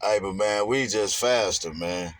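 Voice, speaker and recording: A man's voice: lowish voice, measured pace, a little hiss or hum. A man giving a rambling, emphatic casual monologue in streetwise slang.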